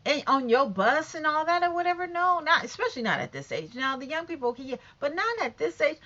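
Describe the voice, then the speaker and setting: Talking quickly in a high voice over dull audio, this vlogger in her fifties delivers a casual rant to camera. She's blunt, profane, animated, and emphatic.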